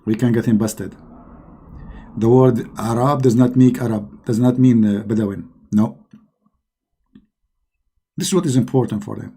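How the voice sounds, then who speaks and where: Sarcastic man with a dark, husky voice. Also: mid-range voice, fairly even intonation, a little slow, long pauses. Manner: sarcastic, scoffing, with a loose non-native grammar. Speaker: online commentator. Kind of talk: mocking religious-critique monologue.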